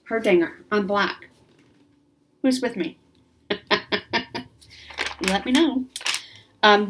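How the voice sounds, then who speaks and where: A woman hosting a craft video, chatting casually and rambling enthusiastically through a magazine. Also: lowish voice. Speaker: craft channel host.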